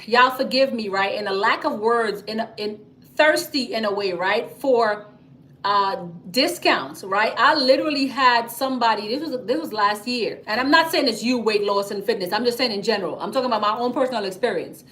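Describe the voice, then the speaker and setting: A woman hosts a casual livestream, talking straight to her viewers. Her voice sits a little high, and she speaks emphatically, often checking in with "okay?" and "y'all.". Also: normal speed. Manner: chatty and emphatic, frequent "okay?" and "y'all", animated storytelling. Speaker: livestream host, business credit coach. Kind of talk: casual livestream talk reading viewer comments.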